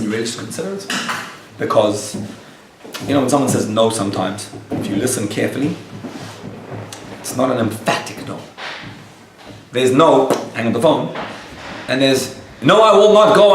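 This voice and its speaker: A man who is a rabbi tells a story to a live audience in a lively way and acts out the dialogue. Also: mid-range voice, background noise. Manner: animated storyteller acting out quoted dialogue. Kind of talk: storytelling lecture. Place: lecture room with a live audience. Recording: echoey room, picked up from a distance.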